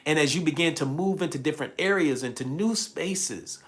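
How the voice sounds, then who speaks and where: A man's voice: fairly high pitch, fairly quick, a bit bright. A man coaching a livestream audience, emphatic, repeating lines and thanking viewers by name. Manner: emphatic, repeats phrases, reads viewer comments aloud. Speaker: life coach. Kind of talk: livestream motivational talk. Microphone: handheld mic.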